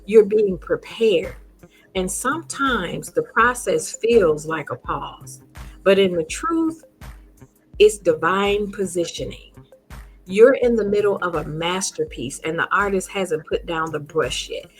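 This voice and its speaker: Woman, inspirational talk, gentle, encouraging, slow, husky. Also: fairly low pitch, lively intonation, soft background music. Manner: gentle, encouraging, speaks to listeners directly. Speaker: host.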